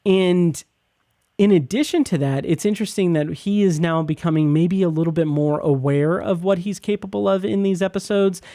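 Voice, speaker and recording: A man talks through his thoughts on a TV episode in a relaxed, rambling podcast style, stumbling over words and circling back as he goes. His voice is mellow and slightly raised in pitch, recorded close and dry with no room sound. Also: no room sound. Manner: halting, many fillers and restarts, enthusiastic. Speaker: podcast host reviewing a TV episode. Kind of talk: casual spoken review.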